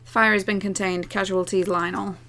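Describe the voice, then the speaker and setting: Game computer, woman reading, flat and clipped, bright tone. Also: mid-range voice, fairly quick, gravelly. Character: cold machine announcing casualty calculations.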